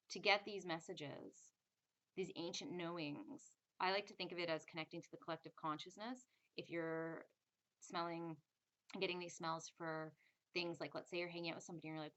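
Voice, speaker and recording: A woman's voice: fairly low pitch, fairly bright tone. A woman giving a casual spiritual lesson, chatty and acting out little inner voices in quotes. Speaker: spiritual teacher. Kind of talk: casual teaching monologue.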